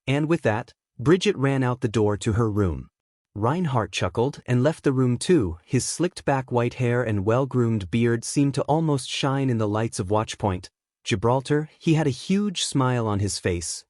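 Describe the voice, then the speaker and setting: A man narrating a fan fiction story in a brisk, even reading. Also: medium pitch, dry recording, studio quality.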